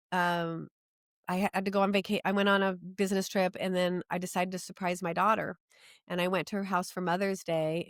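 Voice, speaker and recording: An older woman recounts her story as a podcast guest, her voice sitting low. She talks earnestly, words tumbling out in long run-on sentences with frequent restarts. The sound is dry and close, with no room around her. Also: clean tone, dry recording. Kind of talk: personal storytelling in an interview.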